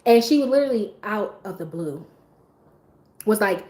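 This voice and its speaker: A woman's voice: medium pitch, expressive, measured pace, darkish tone. A woman hosting a livestream, telling a story casually and animatedly, swearing and bursting into laughs. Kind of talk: casual storytime chat to a live audience. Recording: echoey room with faint background noise.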